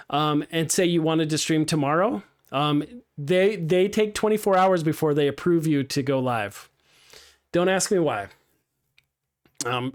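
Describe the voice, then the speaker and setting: During a live game streaming class, a man whose voice sits on the high side and sounds smooth explains how to set up the software. His style is casual and positive, peppered with ums and restarts.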